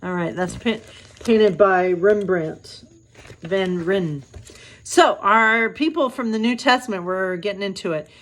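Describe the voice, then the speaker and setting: A woman's voice: medium pitch, a little slow. Chatty woman pastor reading bedtime stories. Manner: chatty, self-deprecating asides between reading.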